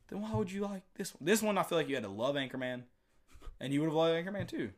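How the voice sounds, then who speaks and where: Fast, lively casual man. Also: a little high. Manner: fast, animated, laughs often, quotes movies. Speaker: podcast co-host. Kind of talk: casual chat.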